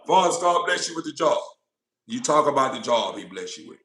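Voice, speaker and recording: A man's voice: high-pitched, brisk, a bit bright. A man delivering a blunt, profane, impassioned monologue about God, acting out God and doubters in turn. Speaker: informal preacher. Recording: roomy echo.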